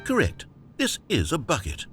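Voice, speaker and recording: A dry, condescending game narrator. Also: male voice, fairly high pitch, huge pitch swings, normal speed, over music. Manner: dry, condescending, mock-patient. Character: dry, patronizing male game narrator, middle-aged. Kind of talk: scripted video game narration.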